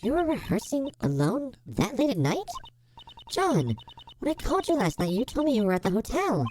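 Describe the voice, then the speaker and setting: A man's voice: extremely high pitch, huge pitch swings, moderate pace, a little mellow, faint music behind, pitched above the performer's own voice, heavily acted. A man voicing a strict middle-aged woman who questions firmly. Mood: stern.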